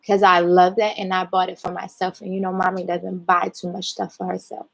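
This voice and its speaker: A mother calmly questioning her child about a mistake, patient and measured while she holds back tears. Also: lowish voice, creaky, low-quality recording. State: close to tears, holding back. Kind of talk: parent talking a child through a mistake.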